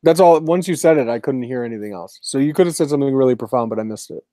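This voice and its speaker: Male podcast co-host, dark mellow voice, dry close sound, teasing casual chat. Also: medium pitch, quick pace, dry recording. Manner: teasing, joking.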